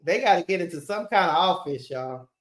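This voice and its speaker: A woman hosting a live watch-party stream, calling a basketball game play by play in a casual, animated way and talking straight to her viewers. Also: lowish voice, a little fast. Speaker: sports stream host. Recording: roomy echo.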